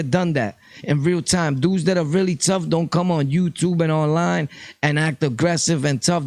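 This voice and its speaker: A man's voice: fairly high pitch, gravelly, no echo. A man from Brooklyn, talking casually to his viewers in a rambling, streetwise opinion vlog full of fillers. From Brooklyn, New York. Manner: streetwise, direct, addresses viewers. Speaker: vlogger, channel host.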